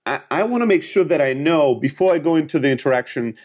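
A Greek-accented man in his thirties coaches on sales with a voice pitched a little above most men's. He talks emphatically and often restarts his sentences mid-thought. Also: animated, fast talker, a little mellow. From Greece. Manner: emphatic, restarts often, acts out quoted dialogue. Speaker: sales coach and startup founder. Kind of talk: motivational business talk.

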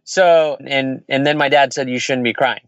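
A man in his forties, an entrepreneur, telling a personal story in casual conversation, frank and quick with restarts and laughs. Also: mid-range voice, fairly even intonation, no echo, dull audio. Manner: fast, candid, laughs and restarts often. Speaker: entrepreneur, podcast guest.

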